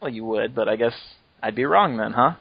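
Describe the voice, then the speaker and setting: A man's voice: medium pitch, animated, a little fast, creaky, breathy edge, no echo. Joking man hosting a podcast, lo-fi sound. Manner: joking, rambling, laughs often. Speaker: podcast host. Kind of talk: casual chat.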